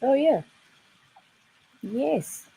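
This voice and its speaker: A woman's voice: high voice, sing-song, drawn-out words, creaky, warm tone, slightly rough, rough recording. A woman co-hosting a podcast, chiming in with amused agreement in casual chat. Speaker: podcast co-host.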